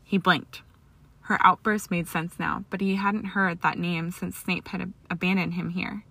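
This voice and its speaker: A woman's voice: on the low side, little pitch movement, normal speed, gravelly, pushed and bright, dry recording. A woman steadily reading fan fiction aloud as storybook narration, with an occasional stumble. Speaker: reader.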